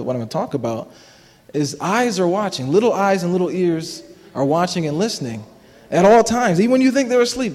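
A man's voice: a little high, darkish tone. A man in his thirties giving a personal testimony in church, conversational and self-deprecating, laughing often and restarting his sentences. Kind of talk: sermon testimony. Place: church hall. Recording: long hall reverb.

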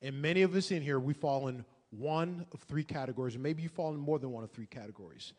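A man's voice: mid-range voice, fast talker, darkish tone, long reverb tail. A male pastor preaching a sermon to a congregation, emphatic and fond of rhetorical questions and repetition.

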